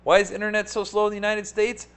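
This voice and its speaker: A man hosting a live market webcast, talking casually with animated, sarcastic rants and a habit of asking "right?". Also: high voice, fast, clear, resonant tone. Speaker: stock market show host.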